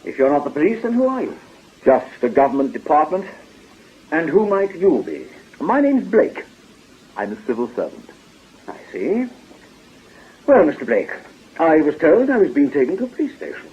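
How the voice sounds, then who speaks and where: An actor playing a proud, flustered older army colonel in a radio drama, speaking in a clipped, formal and indignant way. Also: male voice, on the high side, wildly swooping pitch, normal speed, long pauses, slightly rough, exaggerated voice. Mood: defiant. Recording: dull lo-fi archive radio recording.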